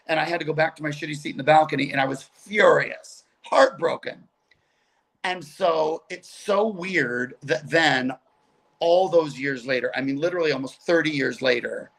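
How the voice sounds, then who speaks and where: Chatty man with a gravelly voice. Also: fairly high pitch. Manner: animated, chatty, quick asides. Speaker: guest comedian. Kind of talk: casual storytelling on a video call. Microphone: video call.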